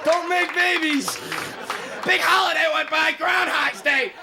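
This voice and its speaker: A squeaky, stammering, nervous amateur comic. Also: male voice, measured pace, over a noisy crowd. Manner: stammering, restarting, telling flat jokes. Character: nervous awkward male amateur comedian. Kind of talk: 1980s late-night TV comedy bit. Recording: old TV studio tape with loud audience laughter and noise.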